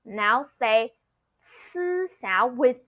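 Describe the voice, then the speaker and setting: A Mandarin teacher gives an online pronunciation lesson, explaining patiently, repeating sounds for learners to copy, and saying "okay" often. Her fairly high voice is animated, slow, and sharp, on a dry, dull lo-fi recording.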